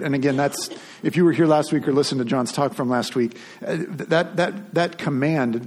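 A man preaching a sermon in a relaxed, conversational way. His voice is somewhat husky, sitting at an ordinary middle pitch. He often restarts phrases and repeats words as he talks. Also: fast. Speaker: pastor.

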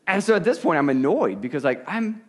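Middle-aged male pastor, conversational preaching voice, animated storyteller, stammers on restarts. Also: on the high side, fast, breathy edge. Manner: storytelling, animated, self-deprecating, frequent restarts. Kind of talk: sermon with personal story.

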